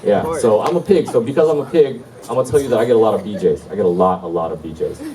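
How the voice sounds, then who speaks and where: A man's voice: fairly low pitch, rapid-fire. Swearing stand-up man, distant crowd room. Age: 40s. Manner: loose, swearing, storytelling with shouted impressions. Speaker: stand-up comedian. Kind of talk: stand-up comedy set. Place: club or hall with a live crowd. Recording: distant mic in a roomy hall, loud crowd.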